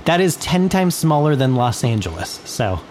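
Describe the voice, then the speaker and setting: A man's voice: medium pitch, big pitch swings, moderate pace, darkish tone, slight background noise. A man co-hosting a casual podcast in a laid-back way, laughing often and swearing. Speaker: podcast co-host. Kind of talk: casual chat.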